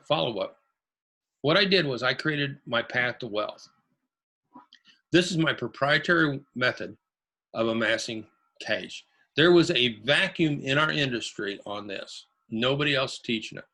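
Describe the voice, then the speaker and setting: A man's voice: medium pitch, sharp tone. A man from Ohio teaching a real estate webinar, repeating his key phrases in an emphatic coaching way. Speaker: real estate investing instructor.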